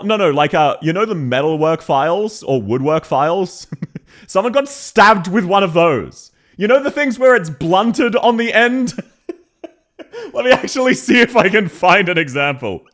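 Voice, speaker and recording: Animated young Australian streamer, swearing. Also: male voice, on the high side. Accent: Canberra Australian. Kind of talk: casual live-stream chat.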